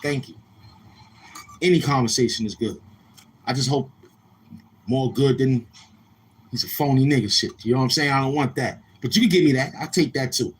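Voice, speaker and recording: A man hosting a casual livestream, talking in a loose, streetwise way. He says he is a little tired, and he sometimes gets loud and animated. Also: mid-range voice, moderate pace, long pauses, a little hiss or hum. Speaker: livestream host. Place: outdoors near a street, car noise heard.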